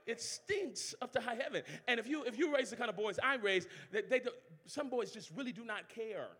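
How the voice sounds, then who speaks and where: A man from New Orleans with a New Orleans accent, preaching a sermon. He shouts and uses call-and-response, with jokes between points. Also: extremely high pitch, lively intonation, brisk, slightly rough. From New Orleans, Louisiana. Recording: long reverb of a large hall.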